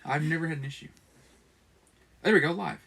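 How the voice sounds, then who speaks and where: A man co-hosting a casual live stream, cracking quick jokes and teasing his partner. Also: on the high side, creaky, a bit bright, a little hiss or hum. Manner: wisecracking, quick interjections. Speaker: co-host.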